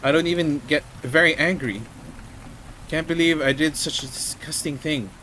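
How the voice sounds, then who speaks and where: A man's voice: a little high, moderate pace, pushed and bright, a little hiss or hum, low-quality recording. A man reading a desperate teenage boy. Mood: despairing. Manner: pleading, breaking, reads lines aloud. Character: distraught sixteen-year-old boy who shot someone. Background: game music and rain.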